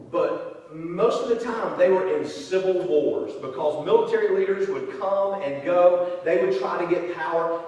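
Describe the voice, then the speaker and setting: Middle-aged man, high-pitched pastor, folksy sermon, picked up from a distance. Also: darkish tone. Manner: folksy, conversational preaching. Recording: echoey hall, distant mic.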